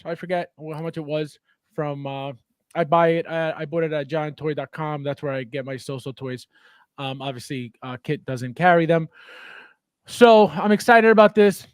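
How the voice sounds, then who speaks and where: A man's voice: on the high side, dry recording, studio quality. A man hosting a casual podcast chat about collectible figures, chatty and thinking aloud with fillers. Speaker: podcast host.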